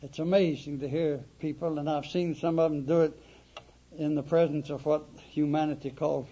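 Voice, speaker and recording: A man preaching a sermon, emphatic and deliberate, stressing words through repetition. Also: fairly high pitch, fairly even intonation, warm tone, breathy edge. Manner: emphatic, slow, dramatic repetition. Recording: dull lo-fi recording.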